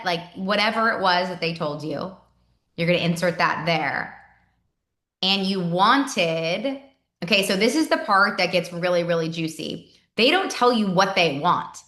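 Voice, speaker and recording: A woman's voice: mid-range voice, expressive, a little slow, bright, forceful tone, echoey room. A woman giving a casual sales team training talk. She chats and repeats words, and acts out sample messages.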